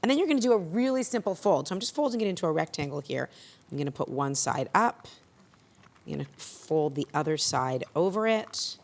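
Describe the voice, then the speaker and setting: A woman's voice: low-pitched, expressive, a little fast. A woman hosting a cooking show, explaining a recipe step by step in an encouraging way. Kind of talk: cooking demonstration.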